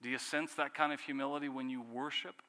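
A man with a bright, forceful voice preaches a sermon. He presses the listeners with rhetorical questions and lets key phrases fall quiet. A long reverb hangs behind him, as in a large hall. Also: mid-range voice, fairly even intonation, fast. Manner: earnest preaching with rhetorical questions and dramatic drops in volume. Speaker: pastor.

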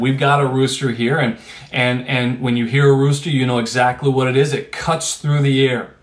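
A man preaching a sermon in a conversational, emphatic way, with rhetorical asides to his listeners. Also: medium pitch.

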